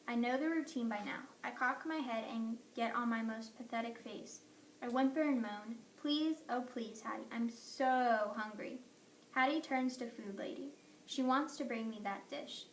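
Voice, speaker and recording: A woman reading a children's story aloud with a lively, expressive delivery, in an echoey room away from the mic. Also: fairly high pitch, moderate pace, recorded from a distance, slight background noise. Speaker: audiobook narrator. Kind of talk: storybook narration in a dog's voice.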